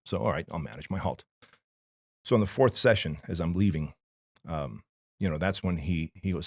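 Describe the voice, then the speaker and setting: A very low-voiced man from Armenia talks as a podcast guest, candid and emphatic, with blunt slang. His voice is close and dry on a studio mic, with no room sound. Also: normal speed, long pauses, slightly rough, dry recording. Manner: emphatic, blunt and slangy, addressing the host as dude and bro. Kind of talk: candid personal storytelling in a podcast interview.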